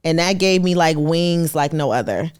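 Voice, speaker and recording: A woman's voice: moderate pace, smooth. A woman in her thirties, a podcast guest, telling her story in casual, colloquial talk and acting out the people she quotes. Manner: animated, acts out quoted people with sudden high pitch jumps; colloquial, slangy, emphatic. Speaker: podcast guest, artist and entrepreneur.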